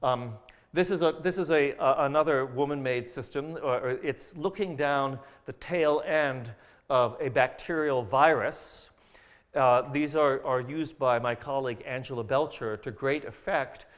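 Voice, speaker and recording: A man lecturing on science in a hall, pointing through slides as he explains. He stumbles and restarts often, filling pauses with ums and uhs, and slips in dry jokes. His voice sits at an ordinary middle pitch. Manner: hesitant, many fillers and restarts, dry jokes.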